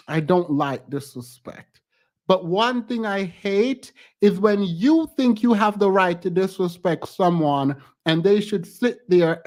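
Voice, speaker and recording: An outspoken woman commenting casually on a clip she is watching. Her voice sits at a middle pitch, and she breaks into laughter often between her remarks. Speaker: reaction commentator.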